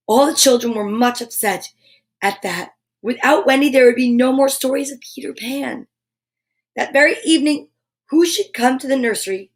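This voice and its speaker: A fairly high-pitched woman reads a children's picture book aloud as host of a kids' story time. She breaks off often for cheerful, chatty asides to her young listeners, then goes back to the page. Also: normal speed. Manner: enthusiastic, chatty asides between read passages.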